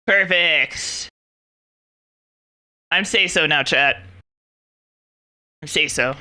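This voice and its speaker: A young adult woman streaming and chatting casually, excitable and laughing often, swearing freely as she talks. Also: deep voice, extremely slow. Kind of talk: casual chat while gaming.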